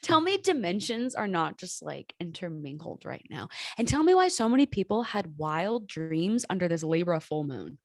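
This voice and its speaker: A woman hosts a podcast in casual chat. Her pitch swings widely as she talks, and she swears and laughs a lot. The recording is dry and close. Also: moderate pace, few pauses, no room sound. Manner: animated, swears freely, laughs often. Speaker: podcast host.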